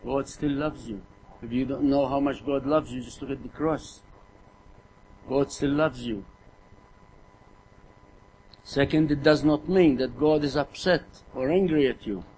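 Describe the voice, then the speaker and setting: A man's voice: medium pitch, unhurried, long pauses, darkish tone, a little hiss or hum, low-quality recording. A middle-aged man preaching a sermon in an earnest way, often repeating words and putting rhetorical questions to his listeners.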